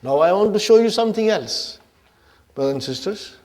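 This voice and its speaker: A man teaching an Arabic grammar class, animated and playful, acting out grammar words as characters and often checking in with his students. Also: sits high, moderate pace. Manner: animated, checks in with the class with frequent "Huh?" and "Are you with me?".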